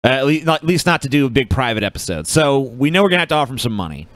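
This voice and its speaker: Profane storytelling podcast host, dry sound. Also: male voice, mid-range voice, very fast, dry recording. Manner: profane storytelling, animated quotes. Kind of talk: casual chat.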